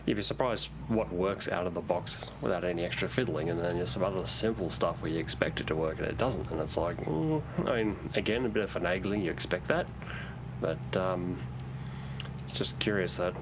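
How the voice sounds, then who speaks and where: A very deep-voiced man talks casually over online voice chat, wandering through his points with plenty of ums and restarts. A steady hiss of background noise sits under his voice. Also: fairly quick. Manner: rambling, lots of fillers and restarts. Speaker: livestream co-player.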